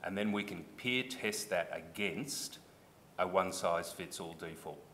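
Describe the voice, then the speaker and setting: A man's voice: sits low, unhurried, bright, forceful tone, slight background noise. An Australian man giving formal testimony at a public hearing, earnest and explanatory, restarting when pressed.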